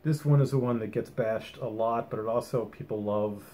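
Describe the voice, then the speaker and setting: A man's voice: lowish voice, normal speed, warm tone. A man giving a casual, rambling album review at home, enthusiastic and full of ums and restarts. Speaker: music vlogger.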